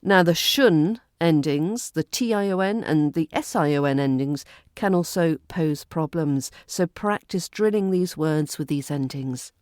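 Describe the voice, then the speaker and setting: A woman with a British accent teaching pronunciation, drilling words and phrases slowly and carefully. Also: sits low, expressive, a little mellow, no room sound, clean studio sound. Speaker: accent coach. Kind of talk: pronunciation lesson.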